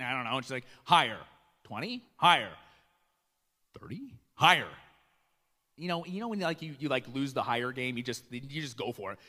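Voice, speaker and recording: A middle-aged man from Iowa preaches a conversational sermon in a bright, forceful voice. He asks the crowd questions, acts out little scenes, and his voice rings through a large church hall. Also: mid-range voice. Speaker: pastor.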